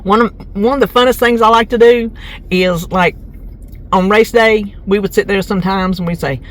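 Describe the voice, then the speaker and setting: A woman's voice: medium pitch, steady tone, normal speed. Chatty woman in her sixties. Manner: chatty and folksy, laughs easily. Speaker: vlogger. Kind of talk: casual vlog chat. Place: in a car, then at home.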